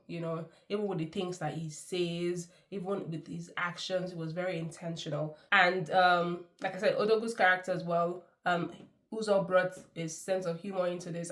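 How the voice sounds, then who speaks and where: A woman giving a chatty, effusive film review, laughing often. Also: lowish voice. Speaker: movie reviewer. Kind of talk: casual movie review.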